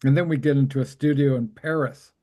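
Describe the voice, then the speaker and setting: Excited rambling man with a mellow voice. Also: medium pitch, brisk. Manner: excited, rambling, laughs often. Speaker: host. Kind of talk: casual chat.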